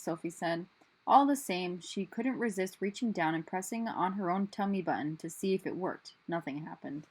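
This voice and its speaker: A woman teacher reading a children's book aloud, telling the story expressively with lively voicing. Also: on the low side, normal speed, husky.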